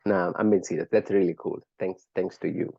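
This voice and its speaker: Male lecturer for an online class, encouraging and conversational, dark husky tone, dull lo-fi call audio. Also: low voice, steady tone, fairly quick, dry recording. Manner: conversational, quizzes students by name, encouraging. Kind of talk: live online class teaching.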